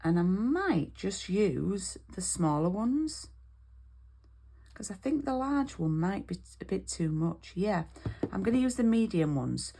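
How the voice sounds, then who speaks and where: A woman's voice: medium pitch, big pitch swings, measured pace, vocal fry, dark tone. Chatty British woman teaching card making. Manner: chatty step-by-step instruction, frequent "okay?" check-ins. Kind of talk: online craft class.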